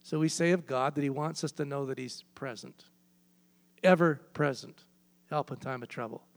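A man's voice: mid-range voice, normal speed. A man preaching a sermon, emphatic and repeating key phrases for weight. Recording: long hall reverb.

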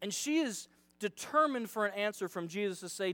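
Chatty high-voiced male youth preacher. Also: animated, brisk, bright, forceful tone, no echo. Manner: chatty, dramatizing, self-deprecating. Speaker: youth pastor. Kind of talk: casual sermon.

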